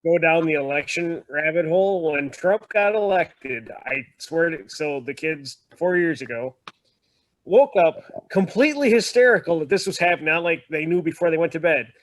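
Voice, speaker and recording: A man telling animated, wry stories in a casual video-call chat. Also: on the high side, normal speed, no room sound.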